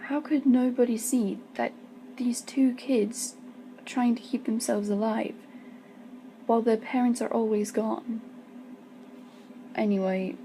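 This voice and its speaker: A woman's voice: fairly even intonation, unhurried, pauses often, warm tone, slight background noise, poor audio. A woman reading as a bitter young male servant. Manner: low, bitter, resigned telling.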